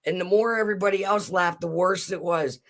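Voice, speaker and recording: A woman's voice: on the low side, fairly quick. Laughing middle-aged woman telling a story. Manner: animated, laughs through her story. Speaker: guest telling a family story. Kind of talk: casual storytelling.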